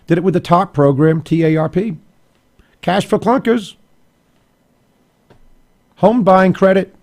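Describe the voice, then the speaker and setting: A man's voice: sits high, measured pace, pauses often, a little mellow. A man hosting a political talk show, arguing emphatically and going off on asides and restarts. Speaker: radio talk show host. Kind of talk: opinionated political commentary.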